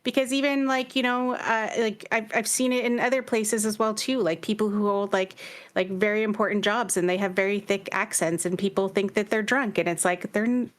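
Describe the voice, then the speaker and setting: A woman from Canada speaking in a casual panel discussion, reflective and halting, with many restarts. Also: mid-range voice, steady tone.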